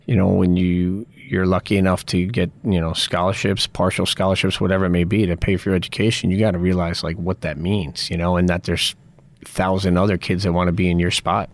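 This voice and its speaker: A middle-aged man, formerly a college soccer player, talks earnestly and slowly in an interview, peppering his reflections with "you know." He has a deep voice and a flat delivery.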